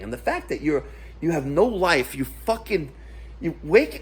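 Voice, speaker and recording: A man's voice: a little high, moderate pace, husky. A middle-aged man telling an indignant, profane story to his viewers as a vlogger. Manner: indignant, profane, animated retelling. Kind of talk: storytelling rant to camera.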